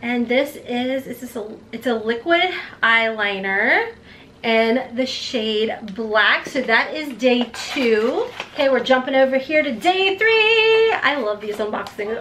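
A woman in her forties unboxing beauty products in a vlog, gushing and gasping with excitement. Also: on the high side, unhurried, a little hiss or hum. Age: 40s. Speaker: beauty vlogger.

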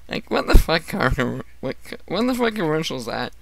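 A man's voice: on the high side, very animated, normal speed, creaky, fairly bright tone, no echo. A man streaming a casual chat, telling stories in a profane, ranting way and acting out the people in them. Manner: profane, ranting storyteller who acts out coworkers.

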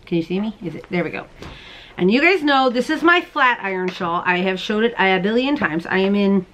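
A woman in her thirties hosting a crochet and knitting podcast, chatting casually to camera at home, bubbly and quick to laugh. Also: mid-range voice, fairly bright tone, slight background noise. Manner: chatty, bubbly, laughs often, talks to viewers as "you guys". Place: at home, indoors.

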